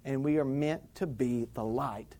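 A pastor preaching a sermon in church, moving from calm teaching into loud, fiery exhortation. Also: mid-range voice, a little slow.

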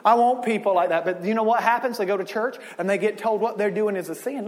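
High-voiced preacher, echoing hall. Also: male voice, quick pace, few pauses. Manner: conversational and joking, building to shouted emphasis. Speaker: pastor. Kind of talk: sermon.

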